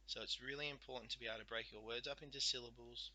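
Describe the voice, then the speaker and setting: A male teacher explains spelling in a very bright, sharp voice, slowing down to sound out each letter and syllable. The recording is close and dry, with no room sound. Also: medium pitch, fairly even intonation, no echo, rough recording.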